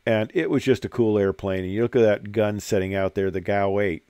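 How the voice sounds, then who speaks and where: A man's voice: on the low side, steady tone, brisk, dark tone, clear, resonant tone, dry recording, clean studio sound. An older man and former military pilot, telling rambling stories over slides with lots of fillers. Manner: rambling storyteller with many fillers. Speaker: retired military pilot giving a presentation. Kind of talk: anecdotal presentation over slides.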